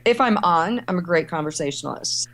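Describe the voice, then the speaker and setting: A woman's voice: on the low side, brisk. A middle-aged woman from Ohio and Kentucky, a travel writer, talking in a conversational interview and acting out the voices of people she quotes. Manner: animated storyteller, acts out quoted voices. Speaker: travel writer and editor, guest.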